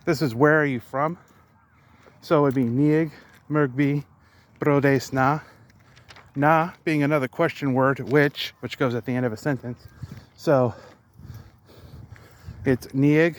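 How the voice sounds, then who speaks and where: A man in his thirties, working through language lessons outdoors in a green rural spot, talking casually with halting, self-correcting phrasing and frequent sighs. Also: medium pitch. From United States. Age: 30s. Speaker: vlogger learning a language. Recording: outdoor recording with clear ambient noise.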